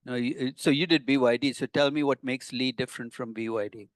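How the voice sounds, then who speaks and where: A man's voice: medium pitch, steady tone, fairly quick, no echo. An older man, a professor giving a conversational classroom lecture with wry, teasing asides to his students.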